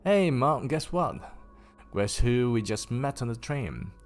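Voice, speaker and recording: A man reading aloud and voicing a cheeky, excited young male twin wizard in a storybook. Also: on the low side, normal speed.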